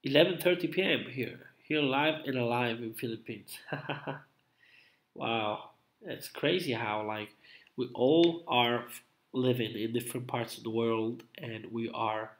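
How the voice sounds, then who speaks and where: A man's voice: medium pitch, measured pace. A man hosting a casual live stream, rambling and hesitant with many fillers, coughing from a cold. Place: home room at night. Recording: roomy echo.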